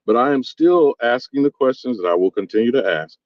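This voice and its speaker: A man's voice: mid-range voice, expressive, brisk, dry recording. A man in a casual discussion, asking probing questions. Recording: dull lo-fi audio.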